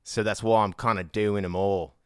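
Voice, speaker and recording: Joking host in a mock Australian accent. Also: male voice, lowish voice, steady tone, normal speed, clear, resonant tone, no echo, studio quality. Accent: mock Australian, put on. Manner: crude, jokey, rambling with fillers. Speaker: podcast host. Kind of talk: casual comedy podcast chat.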